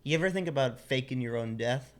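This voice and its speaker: A man's voice: medium pitch, brisk. A young man co-hosting a comedy podcast, telling a story with lots of acted-out voices, sound effects and laughter. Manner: animated storytelling, acts out characters with loud sound effects and laughter. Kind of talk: casual comedic banter.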